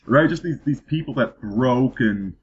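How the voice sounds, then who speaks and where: The host's voice is medium in pitch, animated and a bit slow as he leads an informal political conversation. His sentences wander and restart with repeated words, and the podcast recording sounds dull and lo-fi.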